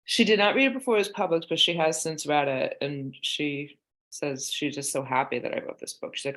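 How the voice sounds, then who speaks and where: A woman's voice: low-pitched, moderate pace, fairly bright tone. A woman in her forties, a guest author in a casual podcast conversation, telling candid family stories and acting out the quoted lines. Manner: candid storyteller, acts out quoted dialogue.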